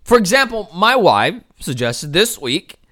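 A man's voice: very animated, no room sound, clean studio sound. Young man preaching with big swings. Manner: swings from loud emphatic peaks to low quiet passages; stretches key words slowly for weight. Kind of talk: sermon.

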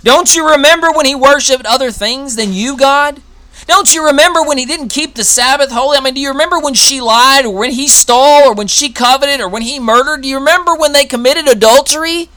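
A man's voice: mid-range voice, moderate pace, hardly any pauses, bright, forceful tone, no echo, pitched below the performer's own voice, natural voice. A man voicing Satan as a taunting male accuser, firing needling questions in a raised, mocking voice during a sermon. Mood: accusing.

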